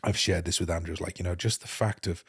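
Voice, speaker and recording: A man, a podcast host telling a personal story in casual chat, animated and acting out what people said. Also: deep voice, fast talker, husky, no echo, studio quality. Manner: animated, acts out quoted speech.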